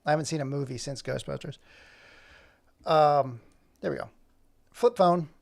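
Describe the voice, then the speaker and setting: A man's voice: fairly high pitch, measured pace, creaky, dry recording. A man in his forties chatting casually on a livestream, joking and rambling to himself while he animates. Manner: joking, rambling self-talk while working. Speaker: animator streaming live.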